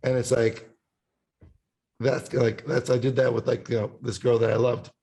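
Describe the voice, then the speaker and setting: A man's voice: mid-range voice, little pitch movement, normal speed, gravelly, mellow. A man, a musician guest on a podcast, talking in a loose, rambling way, swearing often and breaking into sung snippets. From Italian family background. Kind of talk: casual chat.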